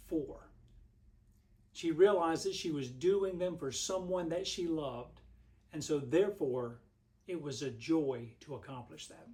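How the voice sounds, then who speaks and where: A man's voice: a little high, takes it slowly, dark tone. A man, a pastor giving a devotional message in a homespun, storytelling way. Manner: homespun, rambling storyteller with frequent restarts.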